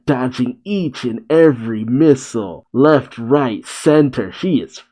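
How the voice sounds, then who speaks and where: A man reading a manga chapter aloud and reacting, with relaxed narration broken by chuckles and exclamations. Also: medium pitch, takes it slowly.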